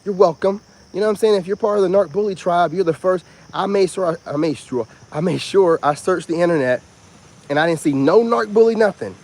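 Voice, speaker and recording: A man with a high-sitting voice delivers a casual vlog monologue as a self-help influencer. He's animated and rambling, and he keeps repeating "you know what I'm saying."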